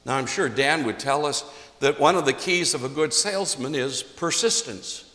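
A man's voice: medium pitch, moderate pace, pushed and bright. A man preaching a sermon as a pastor, emphatic and repeating key phrases for stress. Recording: echoey hall, long reverb.

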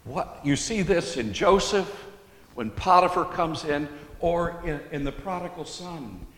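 Slow, deliberate preacher man in an echoey hall. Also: on the high side, expressive, fairly bright tone. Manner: slow, deliberate teaching with emphatic stresses. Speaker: pastor. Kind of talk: expository sermon. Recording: echoey hall with long reverb.

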